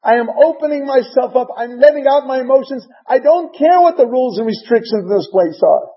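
A woman's voice: fairly low pitch, lively intonation, normal speed, creaky, far from the mic, lo-fi sound. A man voicing a grieving, childless woman who pleads passionately that she is pouring out her heart to God. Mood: impassioned. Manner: pleading and impassioned.

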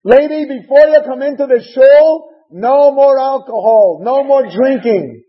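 A man's voice: extremely high pitch, measured pace, highs cut off, pitched above the performer's own voice. A man playing a stern, judgmental male priest who scolds and accuses a woman of being drunk. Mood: scolding.

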